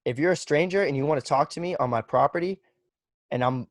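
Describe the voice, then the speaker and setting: A man's voice: on the high side, quick pace, dry recording. Young man rambling casually, dry sound. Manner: loose and profane, heavy on "like" and "bro". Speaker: podcast guest. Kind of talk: casual chat.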